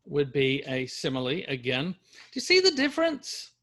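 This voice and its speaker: A man's voice: on the high side, big pitch swings, a little slow, fairly bright tone. A middle-aged man from Louisiana, a university lecturer, reading verse aloud to a class and explaining it with frequent fillers.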